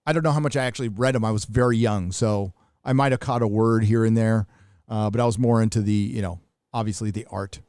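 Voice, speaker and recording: A man's voice: on the low side, fairly even intonation, quick pace, darkish tone, clean tone, dry recording. Man, middle-aged, American, live stream host, blunt, profane, rambling, dry recording. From United States. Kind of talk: casual live stream commentary.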